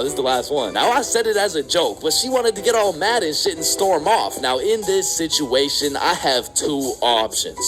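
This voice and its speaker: A young man tells a comedic dating story with punchy, slangy delivery. His pitch swings widely and sits a little high. A clear music bed plays under his voice. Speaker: storytime vlogger. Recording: background music.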